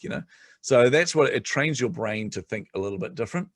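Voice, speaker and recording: A middle-aged man chatting on a podcast as a guest, telling animated stories and laughing often. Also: lowish voice, fast, no echo, clean studio sound. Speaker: guest entrepreneur. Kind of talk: casual podcast chat.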